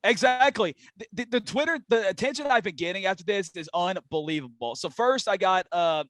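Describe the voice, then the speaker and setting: Young guy rambling excitedly on a podcast, kinda high voice, dead dry sound. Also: brisk, no echo. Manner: excited storytelling, many fillers. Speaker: podcast guest, race fan. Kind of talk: casual podcast chat.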